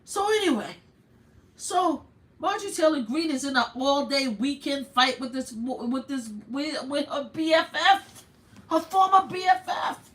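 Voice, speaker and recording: An older Brooklyn native with a New York accent reads texts aloud on her livestream, responding with loud swearing and laughter. Her voice is high-pitched and expressive, and she speaks a little slowly.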